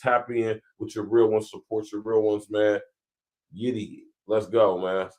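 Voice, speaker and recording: A man's voice: fairly low pitch, flat delivery, measured pace, a little mellow. A man hosting a podcast, signing off in laid-back casual chat with loose, repetitive phrasing. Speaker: podcast host.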